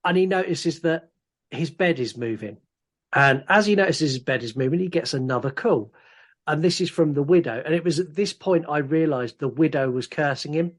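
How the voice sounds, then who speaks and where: A man's voice: on the high side, normal speed. A man co-hosting a podcast, retelling scenes animatedly in casual chat. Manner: animated retelling, acts out lines from the film. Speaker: podcast co-host.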